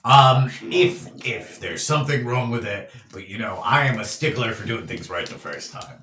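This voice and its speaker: A man playing a tabletop game, joking in character and swinging between loud outbursts and mumbles. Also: medium pitch, animated, normal speed. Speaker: player. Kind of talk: in-character tabletop role-play. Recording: echoey room, mic at a distance.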